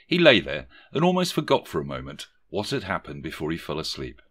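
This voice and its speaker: A man's voice: a bass voice, huge pitch swings, brisk, a bit bright, no echo. A man narrating a comic story in a wry, mock-solemn storybook tone.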